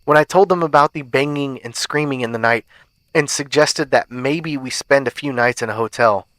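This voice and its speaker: A podcast host tells a spooky first-person tale in a measured, suspenseful way. His voice sits at an ordinary middle pitch for a man. The recording is close and dry, with no room sound at all. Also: fairly bright tone, no echo. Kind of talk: reading a horror story aloud.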